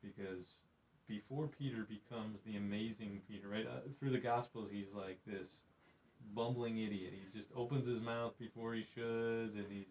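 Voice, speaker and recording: A man's voice: fairly low pitch, fairly even intonation, normal speed, darkish tone, rough recording. A man hosting a faith podcast, reflective and preacherly, retelling Bible scenes in conversation. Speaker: podcast host.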